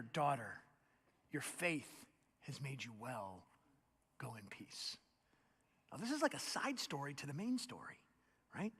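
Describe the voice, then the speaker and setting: A young man preaching a sermon, telling the story in a lively, animated way and acting out the voices of its people. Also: on the high side. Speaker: pastor. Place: large church hall. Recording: long hall reverb.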